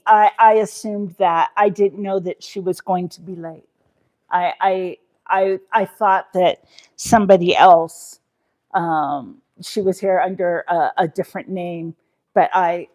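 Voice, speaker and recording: A woman's voice: medium pitch, fairly even intonation, takes it slowly, mellow. A woman hosting a live cooking stream from her home kitchen, chatting loosely with her viewers as she works. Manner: chatty, rambling, talks to viewers in chat. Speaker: cooking livestream host. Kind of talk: casual live cooking chat.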